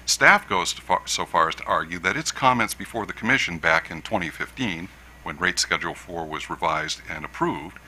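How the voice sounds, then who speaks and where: A man, an attorney, making a measured formal legal argument at a hearing, stressing key words. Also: low-pitched, bright, forceful tone, poor audio. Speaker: attorney for a utility. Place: hearing room.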